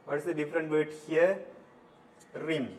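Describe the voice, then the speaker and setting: A man teaching a recorded English lesson from Sri Lanka, drilling words slowly one at a time. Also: fairly high pitch, level tone. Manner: slow, deliberate word-by-word drilling. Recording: distant mic, faint room noise.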